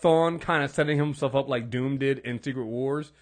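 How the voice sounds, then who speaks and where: A man co-hosting a casual TV recap podcast, rambling and animated, swearing freely and acting out characters' lines. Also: medium pitch, normal speed. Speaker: podcast co-host.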